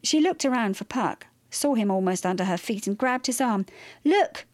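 A woman narrating a children's story in a lively, expressive way. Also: medium pitch, fairly quick, no echo.

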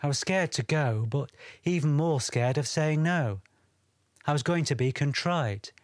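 A man voicing a gentle, shy young woman freed from a spell, speaking softly in an audiobook. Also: a little high, lively intonation, measured pace, no room sound, clean studio sound. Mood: recounting. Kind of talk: audiobook character reading.

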